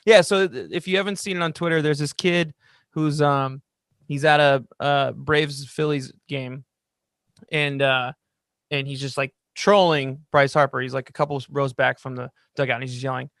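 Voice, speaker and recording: A young man co-hosting a podcast, talking in an excited, rambling way and telling stories. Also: fairly high pitch, moderate pace, dry recording, clean studio sound. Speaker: podcast co-host. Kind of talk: casual chat. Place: lives in Los Angeles.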